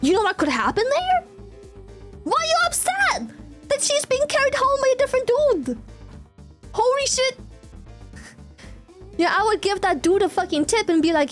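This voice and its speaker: A woman's voice: very high voice, very animated, normal speed, pauses often, faint music behind. A young woman streamer chatting casually with her viewers, ranting animatedly, swearing freely and reacting to chat.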